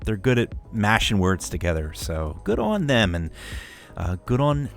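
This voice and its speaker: A man hosting a radio show, chatting casually in an animated, jokey way and laughing often. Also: lowish voice, a little slow, creaky, soft background music.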